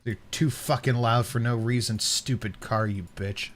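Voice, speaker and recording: A man's voice: mid-range voice, fairly even intonation, normal speed. A man co-hosting a reaction video, mocking and swearing as he laughs through his commentary. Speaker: co-host.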